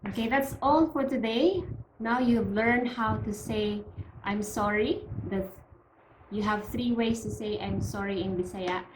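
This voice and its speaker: A woman with a Cebuano accent from the Philippines teaching a language lesson, pronouncing words slowly and carefully for learners to repeat. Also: mid-range voice, reverberant, background noise. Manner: slow, careful pronunciation drills.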